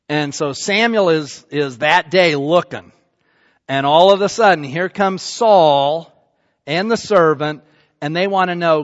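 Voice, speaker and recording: A man preaches with a high, lively voice, slipping into casual voices for the people in the story. His sermon rings in a big hall with a long tail of reverb. The sound is a little dull and lo-fi. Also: unhurried. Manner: animated storytelling, acting out voices of the scripture figures in casual speech.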